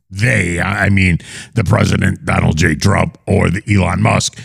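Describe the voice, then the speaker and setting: A man hosting a comedy talk show, mocking his guests with big swings in pitch. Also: fairly even intonation, normal speed, creaky, husky, no room sound, studio quality. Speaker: host.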